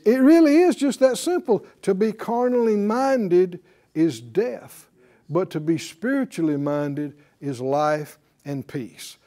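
Lively preacher, male, high and expressive voice, chuckles through his points. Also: takes it slowly. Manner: lively, laughing asides, quotes scripture, acts out little dialogues. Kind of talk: sermon.

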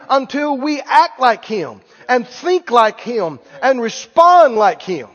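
A man's voice: extremely high pitch, big pitch swings, takes it slowly, a bit bright, big-room sound, lo-fi sound. A man preaching a sermon in a church, emphatic and calling out questions for the congregation to answer.

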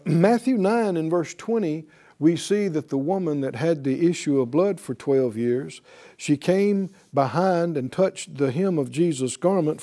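Male pastor mid-sermon, emphatic and questioning, fairly high voice with a warm, dark tone. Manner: emphatic preaching with rhetorical questions.

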